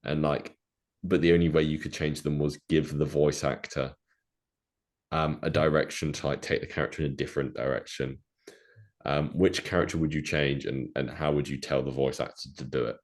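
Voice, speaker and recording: A very deep-voiced young man co-hosting a podcast. He chats loosely and jokes around, with a rambling, playful delivery. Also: little pitch movement, moderate pace. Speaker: podcast co-host. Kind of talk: casual chat.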